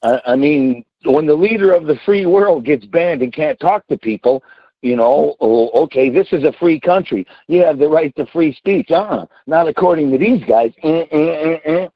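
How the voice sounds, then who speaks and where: A man's voice: fairly high pitch, animated, moderate pace, dry recording, highs cut off. A man in his sixties, a trucker calling in, ranting bluntly and cursing freely in casual talk. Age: 60s. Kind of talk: casual call-in rant.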